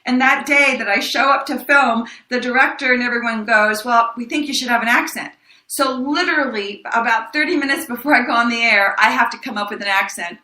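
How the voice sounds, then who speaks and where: Bright-voiced older woman telling stories. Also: on the high side, fairly quick, few pauses. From El Paso, Texas. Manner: lively, laughing, acts out quoted voices. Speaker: actress interviewed. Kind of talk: storytelling interview answers. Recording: echoey room.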